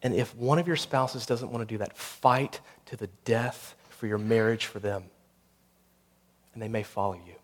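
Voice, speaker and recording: A man, the pastor, delivering a sermon that builds to intense storytelling and closes in a quiet prayer. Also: on the low side, moderate pace.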